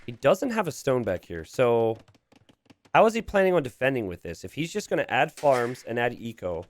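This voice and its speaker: A man casting a strategy game, joking with his co-caster and laughing often. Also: mid-range voice. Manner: animated, joking, quick to laugh. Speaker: esports caster. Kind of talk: live game commentary with banter.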